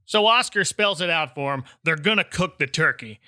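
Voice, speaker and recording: A podcast host recapping an old holiday special with wry asides. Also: male voice, a little high, expressive, normal speed, pushed and bright, no echo, clean studio sound. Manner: narrates plot with wry asides. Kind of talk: casual recap and chat.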